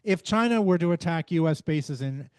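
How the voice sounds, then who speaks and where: Guy giving a research talk, measured, lots of ums and restarts, dry close sound. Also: on the high side, expressive, a little mellow, clear, resonant tone, no room sound. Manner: measured, frequent fillers and restarts. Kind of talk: academic presentation.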